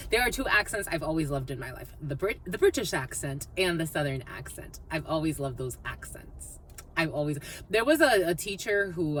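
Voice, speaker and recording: A woman with a fairly low voice gives a spiritual reading in a loose, rambling monologue. She repeats phrases like chants and keeps slipping into laughter. A faint hiss sits under her voice. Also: pushed and bright. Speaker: intuitive reader.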